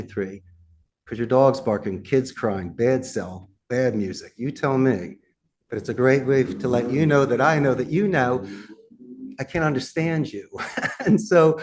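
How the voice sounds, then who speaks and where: Punchy, animated male business coach. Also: mid-range voice. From United States. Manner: punchy coaching talk full of rhetorical questions. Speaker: guest, telemarketing trainer. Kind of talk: podcast interview.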